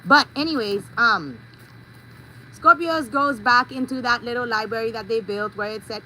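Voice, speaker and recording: A woman's voice: on the high side, moderate pace, bright, forceful tone, a little hiss or hum, poor audio. A woman vlogger talking in a playful, rambling monologue, telling stories with goofy sound effects.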